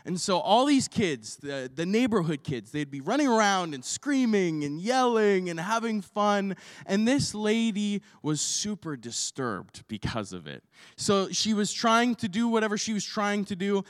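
A man's voice: high voice, big pitch swings, unhurried, no room sound, clean studio sound, long reverb tail. A man preaching a sermon as pastor, telling a story with energy and asking the congregation questions.

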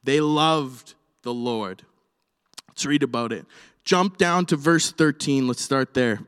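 A man preaching a sermon and reading scripture aloud, animated, swinging from quiet asides to loud, shouted lines. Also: mid-range voice, takes it slowly, clean tone. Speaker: pastor. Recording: reverberant hall.

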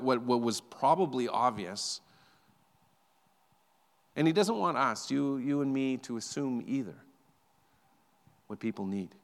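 A man with a medium-pitched voice preaches as a pastor, spinning his sermon into a lively, chatty story and repeating words often. A long reverb tail trails his speech.

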